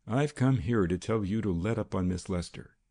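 A man voicing a calm, stern vigilante who speaks quietly and with total confidence. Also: on the low side, moderate pace.

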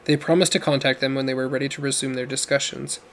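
Man reading an audiobook, gravelly voice, steady storytelling pace. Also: mid-range voice, fast talker, slight background noise. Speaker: narrator. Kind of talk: audiobook narration.

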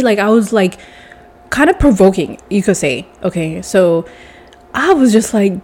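A young woman with a stuffy nose tells a long personal story at a normal speed in a mid-range voice. She's casual and animated, swears freely, and calls the listener baby.

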